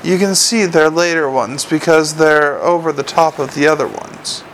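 A man voicing a nervous, clever male dwarf watchman who asks quick, fretful questions. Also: a little high, fairly bright tone, slight background noise, rough recording. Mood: uneasy.

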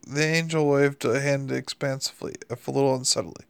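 A man narrating an audiobook in a measured storytelling manner. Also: mid-range voice, steady tone, creaky, clear, resonant tone, no echo.

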